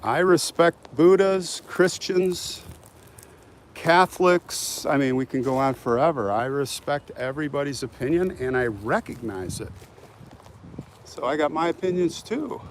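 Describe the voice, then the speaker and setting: A man's voice: on the high side, animated, unhurried. A man walking through a cemetery outdoors, chatting on a phone live stream and answering viewer comments as he goes. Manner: talkative, reads viewer comments aloud and answers them. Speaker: vlogger hosting a live stream. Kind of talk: casual live-stream chat while walking. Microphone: phone held while walking. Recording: outdoor phone audio with wind noise.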